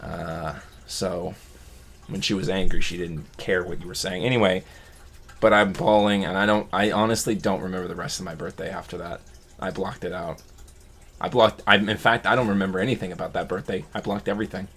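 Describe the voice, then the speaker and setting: A man's voice: low-pitched, steady tone, brisk, a bit bright. A man vlogging a personal story from his childhood, reflective and rambling, often restarting his sentences.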